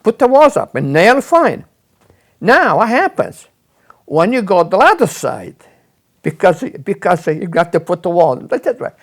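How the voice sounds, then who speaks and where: Older man, gravelly and lively, rambling interview memories. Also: high-pitched, unhurried. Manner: rambling, repeats words, animated when quoting others. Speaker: interviewee telling his life story. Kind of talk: casual storytelling.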